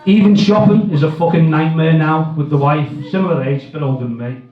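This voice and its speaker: A man's voice: fairly high pitch, a little fast. A middle-aged man doing a crude, self-mocking stand-up set full of swearing. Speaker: stand-up comedian. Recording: echoey, distant, dull live sound.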